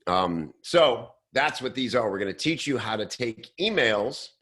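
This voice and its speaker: A man hosting a show, talking casually and loosely with many fillers and restarts, now and then slipping into quick mock voices. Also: mid-range voice, expressive, fairly bright tone. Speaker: host. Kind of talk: casual podcast talk.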